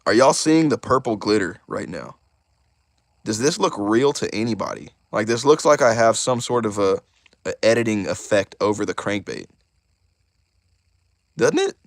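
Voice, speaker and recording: A young man hosting a casual live stream, excitable and chatty, talking straight to his chat. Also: on the low side, normal speed, no echo. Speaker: YouTuber host of a live stream.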